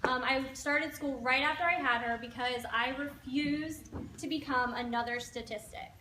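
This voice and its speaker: A high-voiced young woman in her twenties tells her own story in an earnest, steady way. The recording is roomy and echoey, with noticeable noise behind her. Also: normal speed, far from the mic. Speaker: direct sales team member. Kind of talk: personal success story. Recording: echoey room with background noise.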